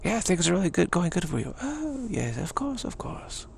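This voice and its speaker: A man's voice: sits high, wildly swooping pitch, moderate pace, creaky, darkish tone, a little hiss or hum, voice pushed up, heavily acted. A man putting on the voice of an unflappable upper-class British aristocrat who brushes off any trouble. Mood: breezy. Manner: genteel, soothing, dismissive of trouble.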